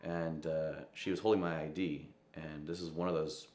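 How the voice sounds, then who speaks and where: A young man with a very low, deep voice recalls a personal story in an interview. He talks reflectively and drops into soft quoted asides, and the room around him rings with echo. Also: fairly even intonation, moderate pace. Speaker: musician interviewed.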